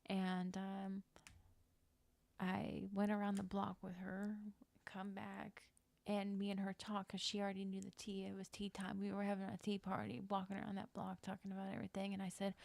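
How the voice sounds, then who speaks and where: On a livestream, a young woman tells a personal story in a loose, rambling way, full of fillers and frank swearing. Her gravelly, darkish voice is monotone and stays fairly level at a moderate pace. The recording is dry and close, with little room sound.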